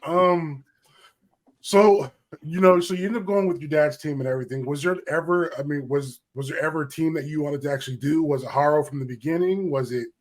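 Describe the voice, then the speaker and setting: A man's voice: a little high, a little fast. A man hosting a podcast, asking his guest several questions in a row and restarting them as he goes. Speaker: podcast host. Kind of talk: casual interview chat.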